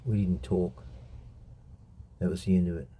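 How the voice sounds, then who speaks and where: A middle-aged Australian man rants in an unscripted monologue, blunt and full of swearing. His voice sits low, with a very dark, mellow tone and a husky edge. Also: fairly even intonation, normal speed. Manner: blunt, heated, profane ranting. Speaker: show host telling stories.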